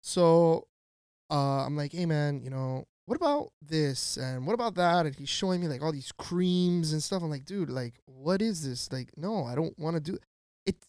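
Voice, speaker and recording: A man's voice: on the high side, moderate pace, smooth, no echo, studio quality. A man co-hosting a podcast, telling a story in casual chat with lots of slang and swearing, acting out the people he quotes. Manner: animated, slangy, profane, acts out quoted voices. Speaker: podcast co-host.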